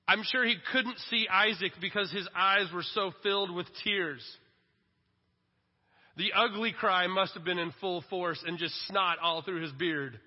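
A man in his forties preaching a sermon, telling the story in an animated way with self-deprecating humor. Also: sits high, measured pace. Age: 40s. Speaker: pastor. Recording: dull echoing hall recording.

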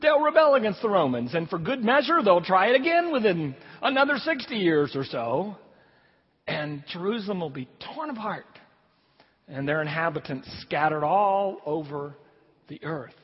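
A man's voice: sits high, normal speed, husky. A man preaching a sermon in a church, reading scripture and then explaining it in a conversational way. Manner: conversational preaching, lively rises and drops. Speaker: pastor. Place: church sanctuary. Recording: long hall reverb, dull lo-fi sound.

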